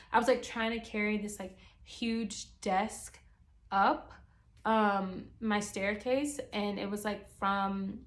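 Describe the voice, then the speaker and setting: A young woman vlogger telling a story in casual chat. She sounds exasperated and chatty and leans heavily on the filler "like.". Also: medium pitch.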